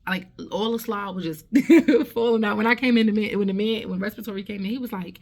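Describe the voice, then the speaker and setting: A woman's voice: mid-range voice, fairly quick, a little mellow. A middle-aged woman vlogger telling a personal story in a casual, conversational way, often checking in with "right?" and restarting her sentences. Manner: conversational, tag questions and restarts.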